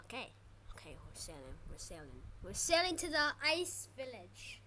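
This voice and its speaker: A woman giving live gameplay commentary, excitable and panicky, shouting during fights and repeating words quickly when flustered. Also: on the high side, slight background noise. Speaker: gaming channel host.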